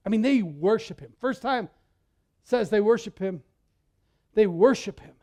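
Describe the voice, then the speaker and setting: In a church, a male pastor delivers a sermon in an animated, conversational manner, frequently repeating words. His voice is high, his pace moderate, and he leaves long pauses.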